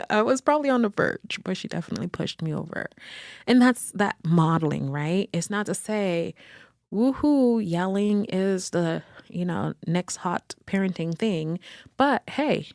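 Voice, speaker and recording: In clean, studio-quality audio with no echo, a therapist who hosts a podcast talks alone in a low, gravelly voice. She thinks out loud, often stopping to correct herself, in a searching, gently conversational, reflective way.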